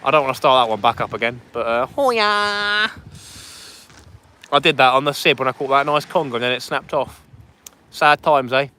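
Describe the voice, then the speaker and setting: A man's voice: mid-range voice, fairly even intonation, fast, pushed and bright, slight background noise. A man chatting casually on a fishing livestream outdoors on a beach at night, reading out viewer comments as he goes.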